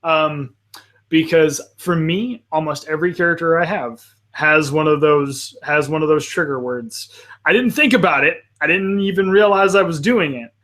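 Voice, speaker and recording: Casting note: male panel host with a fairly high voice, halting and agreeable, restarts a lot. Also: fairly bright tone. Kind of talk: casual live panel chat.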